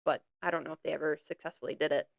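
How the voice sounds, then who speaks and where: A woman's voice: low-pitched, steady tone, very fast, creaky. A young woman co-hosting a podcast, chatting casually and agreeing often. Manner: frequent short agreeing replies, laughs easily. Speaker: podcast co-host.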